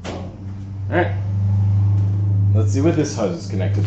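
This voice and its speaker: Live-streaming from a garage or workshop, a man chats playfully to himself about the car he's working on, often mocking himself. His voice is on the low side, swinging widely in pitch at a measured pace with long pauses, and the distant mic gives an echoey, dull sound over a noisy background.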